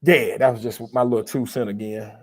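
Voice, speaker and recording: A man's voice: mid-range voice, fairly even intonation, brisk. A man hosting a live re-watch stream of his podcast, talking earnestly and rambling about respect and the power of words. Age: adult with a young child. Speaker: podcast host.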